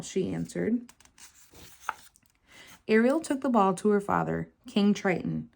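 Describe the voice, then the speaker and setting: A woman tutor reads a children's picture book aloud with an expressive storytelling lilt. Her voice sits at an ordinary middle pitch and rises brightly when characters speak. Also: takes it slowly, gravelly, pauses often. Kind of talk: children's read-aloud narration.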